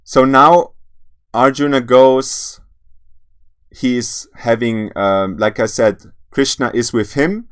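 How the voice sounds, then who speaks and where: Slow, earnest male spiritual teacher. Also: mid-range voice, clean tone. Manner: halting, restarts and repeats words; earnest, addresses listeners directly. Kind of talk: spiritual lecture.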